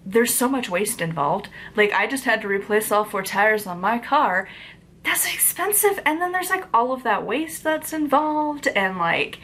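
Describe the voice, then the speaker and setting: A woman's voice: medium pitch, fairly bright tone. Ranting woman reviewing a book. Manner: exasperated ranting, heavy use of "like", casual swearing. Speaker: book reviewer and witchcraft author. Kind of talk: casual vlog book review.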